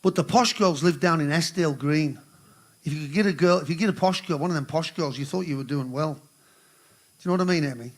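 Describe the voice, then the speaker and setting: An older man hosting a charity show talks quickly in a voice on the high side. Between songs he wanders off on tangents, cracks jokes with the audience and swears freely.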